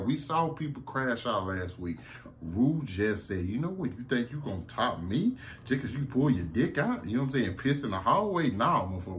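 A man with a Southern American accent recapping a TV episode in a casual, excited, profane way, laughing often, slumped low in a seat at home. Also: slight background noise. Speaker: TV review vlogger.

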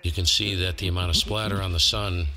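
A man narrating a hands-on ham radio receiver comparison, explaining calmly as he tunes. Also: low-pitched, quick pace. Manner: relaxed, explanatory, talks while tuning. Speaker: ham radio equipment reviewer.

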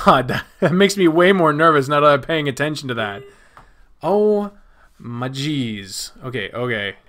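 A young man doing let's play commentary, excitable and swearing, yelling at the game when things go wrong. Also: medium pitch. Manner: excitable, cursing, yells at the game. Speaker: gaming video host.

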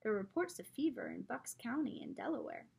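A woman reading aloud voices a wry, cautious gentleman. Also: very high-pitched, big pitch swings, a little fast, gravelly, husky, heavily acted.

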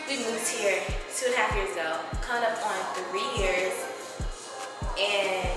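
A woman's voice: medium pitch, a little slow. A woman vlogging in casual chat, gushing and laughing often as she shows things around. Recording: echoey room with long reverb and music behind.

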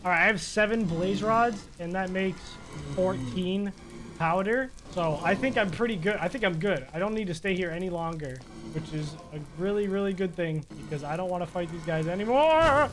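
A young man giving excitable live commentary while playing a video game, muttering one moment and yelling the next. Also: high-pitched, normal speed. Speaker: gaming YouTuber.

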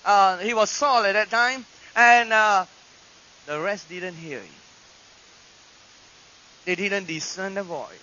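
A male pastor preaching a sermon in a church, swinging dramatically between loud proclamations and hushed asides. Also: sits high, takes it slowly, long pauses. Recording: dull lo-fi archive recording with hiss.

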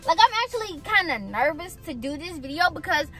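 A young woman vlogger talking in a casual, energetic, slangy way as she pranks her boyfriend. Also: very high voice, fairly quick, faint music behind. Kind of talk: casual vlog chat. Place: in a car.

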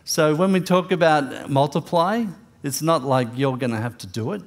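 A man's voice: a little high, expressive, normal speed. A man preaching a sermon in an earnest, conversational way with touches of light humor. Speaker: pastor. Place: church.

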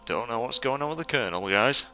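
A young man talks viewers through a stealth game in an animated, bright voice, swearing often when things go wrong. Faint game music plays under him. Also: medium pitch, quick pace. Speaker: gamer playing a stealth game. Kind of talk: let's play commentary.

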